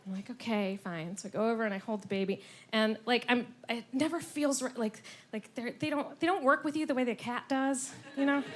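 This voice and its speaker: A woman performing a stand-up comedy set on stage, animated, slipping into silly voices. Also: a little high, a little fast. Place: comedy club stage before a laughing audience.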